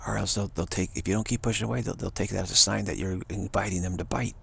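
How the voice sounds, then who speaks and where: Gravelly low-voiced man, rambling talk. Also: fairly even intonation, fast talker, fairly bright tone, slight background noise. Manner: repetitive, stammering restarts; mocking high voices for quoted people. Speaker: spiritual teacher.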